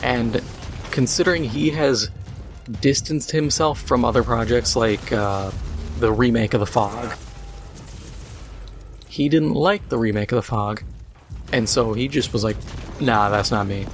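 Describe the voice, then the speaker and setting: A man's voice: mid-range voice, a little slow, pauses often, faint music behind. A man hosting a gaming video, chatting casually and sarcastically ranting while he plays.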